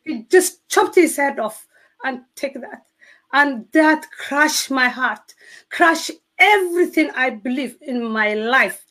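A middle-aged woman from Somalia, a Somali native speaker, tells her personal testimony with halting phrasing and many restarts. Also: high voice, a bit bright. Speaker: guest telling her testimony.

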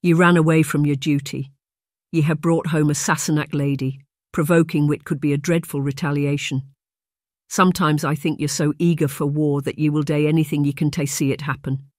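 A narrator voicing a proud, hot-headed young Highland warrior, a man with a Scottish accent who speaks in an impassioned, defiant way. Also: no echo, clean studio sound, close to an everyday voice.

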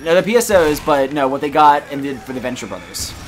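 A man's voice: medium pitch, sing-song, fast. A man co-hosting a let's play, laid-back and joking, swearing casually. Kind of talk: casual chat over gameplay. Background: game music.

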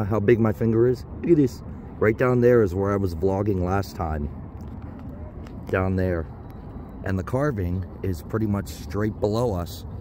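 On a sunny hilltop, a low-voiced man vlogs to his viewers while out of breath from the climb, chatting casually with self-deprecating asides. He films on a handheld camera and phone, and the background is noisy.

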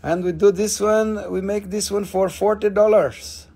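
A man with a high, husky voice runs a live crystal sale. He talks in a playful, joking way, gets excited over each stone, and slips into broken-English sales patter. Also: unhurried. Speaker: host selling crystals on a live stream. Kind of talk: casual live sales chat.

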